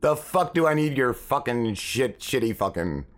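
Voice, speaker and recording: A man's voice: mid-range voice, moderate pace. Guy ranting on his podcast, swears nonstop, voice jumps all over. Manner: animated, swears constantly, mimics others. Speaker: podcast host. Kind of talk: profane casual rant.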